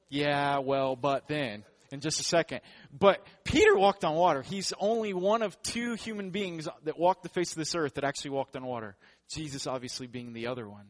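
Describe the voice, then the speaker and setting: A man's voice: a little high, fairly bright tone. Joking man giving a sermon. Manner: joking, conversational preaching. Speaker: pastor.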